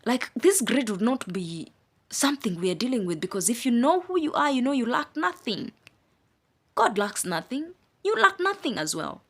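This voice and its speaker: A woman's voice: on the high side, husky. A woman teaching a Bible study. She stresses single words and repeats phrases, with casual asides between the preaching. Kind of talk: spoken scripture teaching.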